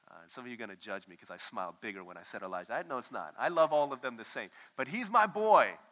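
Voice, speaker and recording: A man's voice: medium pitch, big pitch swings, fast, sharp tone. A man preaching a sermon, telling stories and acting out phone calls as he goes. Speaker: pastor. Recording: long hall reverb.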